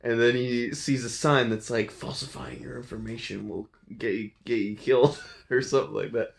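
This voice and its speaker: A man's voice: medium pitch, fairly even intonation, normal speed, gravelly, a little hiss or hum. A man casually retelling a film's plot, laughing often and acting out the lines in silly voices. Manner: playful, giggly, acts out lines in silly voices. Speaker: host recapping a film. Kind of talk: casual chat.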